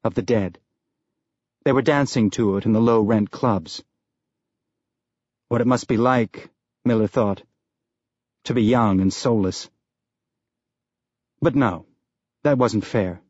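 A man narrating an audiobook in a measured, even storytelling manner. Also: lowish voice, slightly rough, no echo, muffled recording. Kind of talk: scripted narration.

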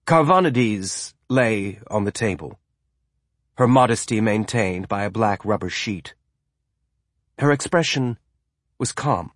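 A man reading a novel aloud as an audiobook narrator, with a measured, even storytelling delivery. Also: lowish voice, no room sound, clean studio sound. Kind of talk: scripted narration.

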